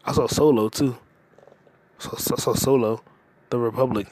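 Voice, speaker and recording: A man hosting a comedy podcast, ranting casually with lots of profanity and quick jumps between topics. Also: medium pitch, steady tone, a little mellow, slight background noise. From United States. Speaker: podcast host.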